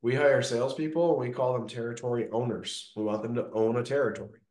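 Guy who owns a business, chatty, lots of "like" and "right?", middle pitch, roomy echo. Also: fairly quick. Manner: energetic storytelling, frequent "like" and "right?". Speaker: gutter business owner, guest. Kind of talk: casual interview talk.

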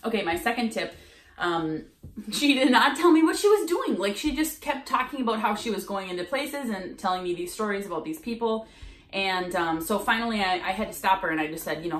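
A woman vlogging from her home office, telling a sales story in a lively way and acting out the people she quotes. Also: mid-range voice, a little fast, roomy sound. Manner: animated, acts out quoted lines. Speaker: sales coach. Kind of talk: casual storytelling vlog.

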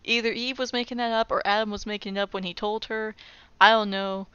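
Wry woman, smooth voice, dry close sound. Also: medium pitch, steady tone, brisk, no room sound, muffled recording. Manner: wry, exasperated, breaks into loud incredulous outbursts. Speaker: comedic Bible reader. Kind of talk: casual comedic scripture commentary.

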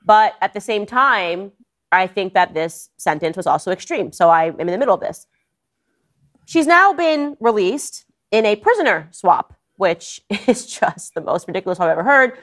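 A woman political commentator delivering a sarcastic, mocking opinion piece in an animated manner. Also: mid-range voice.

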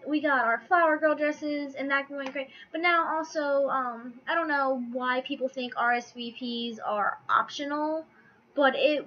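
Flustered bright-voiced young woman venting. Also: fairly high pitch, highs cut off. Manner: flustered, apologetic, lots of ums and restarts. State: stressed out. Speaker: vlogger tracking fertility. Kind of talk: casual rambling vlog rant.

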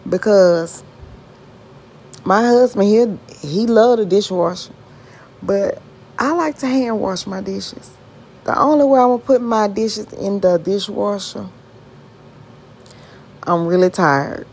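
A woman's voice: medium pitch, slow, long pauses, a little mellow, husky. A woman from Mississippi with a Southern accent, chatting casually to her viewers while she cleans her kitchen and asking them questions. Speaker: home vlogger. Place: home kitchen.

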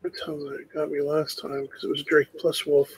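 Higher-voiced man calling out game action. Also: completely flat delivery, normal speed, slight background noise, poor audio. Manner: calls out what he sees in the game. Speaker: co-player. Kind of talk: play-by-play gaming chat.

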